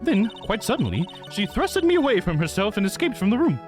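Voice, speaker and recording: A man's voice: high-pitched, very animated, brisk, soft background music, voice pushed up. A man voicing a polite young woman testifying formally as a witness in a game. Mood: earnest. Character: polite young female spirit-medium witness.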